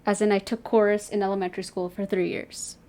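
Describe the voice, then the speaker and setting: Talking fast with a flat delivery, this young woman has a medium-pitched, dark voice, and there's a little hiss or hum in the recording. She's a streamer bantering playfully with a friend on a livestream, chatty and full of fillers like "like."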